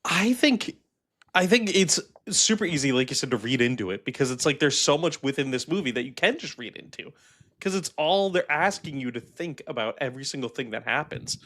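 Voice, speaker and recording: A young man co-hosting a casual movie review chat, animated and acting out quotes from scenes. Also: a little high, brisk. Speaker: movie review podcast co-host.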